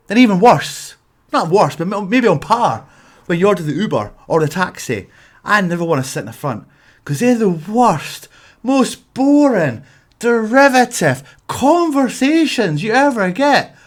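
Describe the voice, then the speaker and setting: A man with a Scottish accent telling exaggerated comic rants to camera, animated and emphatic, sometimes bursting into shouts. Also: sits high, moderate pace. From Scotland. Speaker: vlogger.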